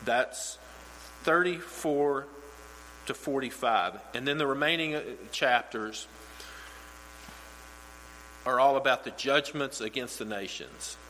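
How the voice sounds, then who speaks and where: A man's voice: medium pitch, bright, forceful tone. A man teaching a Bible study in a conversational way, often restarting and repeating words. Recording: reverberant hall with mains hum.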